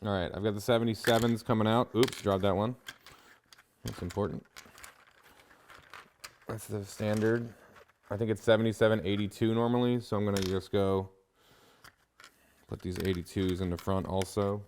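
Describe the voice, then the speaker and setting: A man hosting a car show, chatting casually and excitedly about tuning a car in a garage. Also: on the low side, normal speed, pauses often, a little hiss or hum. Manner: upbeat, hypes the car, whoops when driving.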